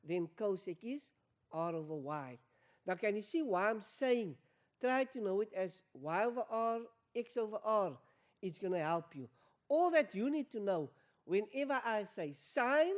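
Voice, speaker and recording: A woman's voice: medium pitch, darkish tone. A woman teaching an exam revision maths lesson, repeating key points and quizzing learners with questions. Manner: addresses learners as guys.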